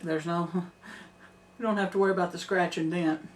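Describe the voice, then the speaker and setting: A woman's voice: lowish voice, fairly even intonation, normal speed, a little hiss or hum. Earnest older woman, off-mic. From Middle Tennessee. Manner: earnest, emphatic, laughs easily. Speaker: homesteader. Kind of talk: casual chat. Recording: distant mic.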